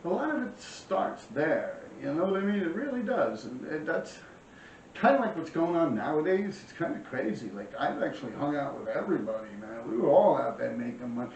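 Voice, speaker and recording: A man's voice: fairly high pitch, very animated, fairly quick, darkish tone, slight background noise. A man in his forties with a New York accent, telling rambling, profane street stories in casual vlog talk from a small apartment. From New York City. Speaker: vlog host. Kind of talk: casual storytelling. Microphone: camera across the room. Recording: roomy, distant, dull sound.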